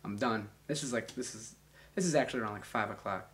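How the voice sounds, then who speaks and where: A young man in his twenties telling a long, rambling, profane story in a casual, animated way. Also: medium pitch, quick pace.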